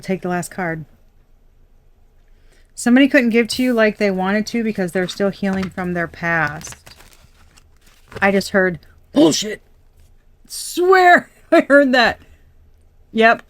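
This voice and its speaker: A young adult woman doing a casual tarot reading, chatty and blunt, swearing and laughing often. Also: mid-range voice. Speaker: tarot reader.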